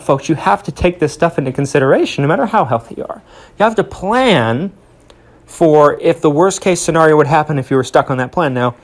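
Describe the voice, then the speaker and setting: Young male podcast host, a touch high-pitched, earnest and emphatic, folksy direct address. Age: young adult. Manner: earnest, emphatic, addresses listeners as folks, repeats words when restarting. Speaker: podcast host, Medicare insurance agent. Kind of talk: solo podcast talk.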